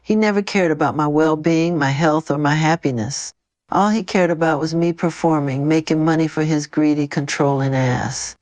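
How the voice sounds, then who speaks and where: A gentle, tender grown man, a famous singer comforting a tearful fan, as a low synthetic woman's voice puts him on. His words come soft and soothing in a very deep register, close and dry with no room around them. It is AI chat role-play. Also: moderate pace, dry recording, close to an everyday voice. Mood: bitter. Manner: soft, soothing, affectionate speech. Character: gentle, tender adult male pop star comforting a fan.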